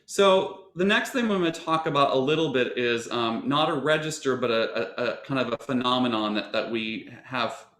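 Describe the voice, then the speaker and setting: A man's voice: medium pitch, moderate pace, few pauses, fairly bright tone, echoey room. A man giving a lecture on singing technique to teachers, explaining at length with many fillers and restarts.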